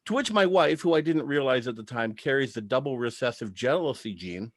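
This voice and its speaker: Man in a lively stand-up set. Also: medium pitch, a little fast, dry recording. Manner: chatty storytelling with act-outs. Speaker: stand-up comedian.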